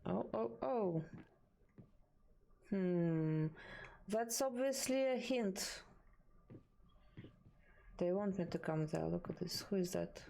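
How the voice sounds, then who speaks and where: A woman's voice: medium pitch, expressive, slow, gravelly, pauses often, warm tone. A woman chatting through a horror game as a streamer, talking to the game and her viewers in a bemused way. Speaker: gaming streamer. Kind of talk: live horror game commentary. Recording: game ambience noise behind.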